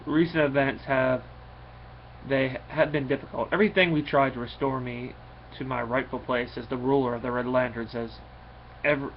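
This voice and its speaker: A man voicing a brooding, wrathful male alien warlord in solemn, measured tones. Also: mid-range voice, fairly even intonation, highs cut off, a little hiss or hum, lightly acted.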